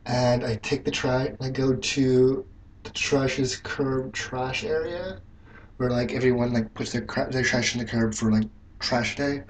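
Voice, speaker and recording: A man's voice: medium pitch, steady tone, unhurried, a little hiss or hum. A man telling a story in a loose, rambling way while doing his makeup, with lots of fillers and some cursing. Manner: rambling, filler-heavy, frank and profane. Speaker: makeup vlogger.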